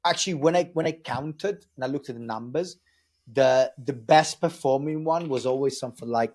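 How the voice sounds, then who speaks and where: A man's voice: mid-range voice, normal speed, a little mellow. A man with an Italian accent, a sales trainer talking frankly and energetically as a podcast guest, often restarting his sentences. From Italy. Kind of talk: casual podcast chat.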